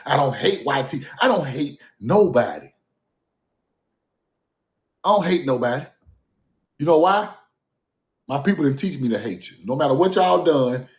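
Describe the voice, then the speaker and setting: A man's voice: medium pitch, a little mellow, roomy sound. A man talking off the cuff on a livestream, emphatic and repeating himself, often breaking into laughter. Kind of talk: casual livestream monologue. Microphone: phone or streaming mic.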